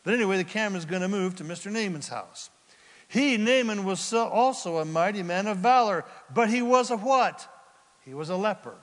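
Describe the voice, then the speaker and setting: A man preaching an expository sermon, animated, asking the congregation questions and acting out the characters in the story. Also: high voice, fairly quick, long reverb tail. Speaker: pastor.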